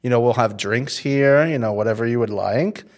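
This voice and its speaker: A man's voice: mid-range voice, moderate pace. A man co-hosting a casual podcast, talking animatedly and acting out quotes in put-on voices. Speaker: podcast co-host. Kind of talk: casual chat.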